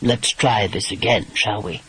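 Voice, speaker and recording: A man voicing a gruff, exasperated English lord and former pirate, with a dry and teasing English manner in an audiobook. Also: on the low side, fairly even intonation, unhurried, a bit bright, voice pushed down, exaggerated voice, low-quality recording. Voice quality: dry, exasperated, swears mildly.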